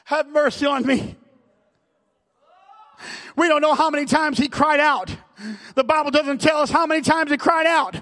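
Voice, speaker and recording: A male pastor preaching a fervent sermon, repeating phrases and building up to shouts. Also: very high-pitched, long reverb tail.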